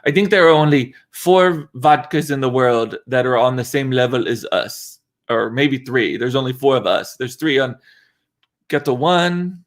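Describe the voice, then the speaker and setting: A man's voice: medium pitch, measured pace, natural voice. A man voicing a boastful male French vodka company boss in a put-on French accent.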